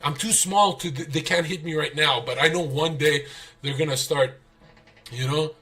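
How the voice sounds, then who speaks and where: A man's voice: a little high, moderate pace. A young man telling stories on a livestream, swearing, laughing and acting out what people said. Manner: profane, animated storytelling, laughs, acts out quotes. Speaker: streamer guest. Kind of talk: casual livestream chat.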